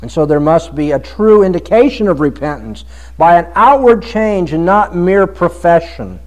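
A man preaching an expository sermon on a Bible passage, swinging from soft reflection to emphatic, pleading delivery. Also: sits high, expressive, moderate pace, poor audio.

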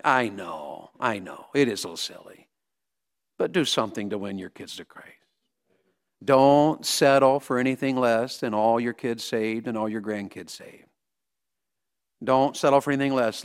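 A man preaching a revival sermon, acting out stories and swinging from soaring to hushed. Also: mid-range voice, unhurried.

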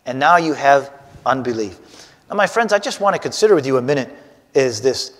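A man teaching a Bible lesson to a class, animated and putting questions straight to his listeners. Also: mid-range voice, fairly quick, long reverb tail.

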